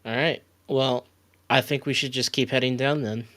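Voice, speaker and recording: A man playing a tabletop role-playing game, relaxed as he says what his character does. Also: medium pitch, moderate pace. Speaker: player. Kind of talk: casual tabletop play.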